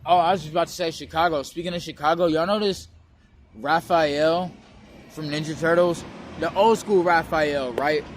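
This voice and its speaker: A man's voice: a little high, fairly even intonation, moderate pace, slight background noise. Rambling, profane vlogging man. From West Oakland, California. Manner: loose, profane street slang, meandering. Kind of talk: rambling casual monologue.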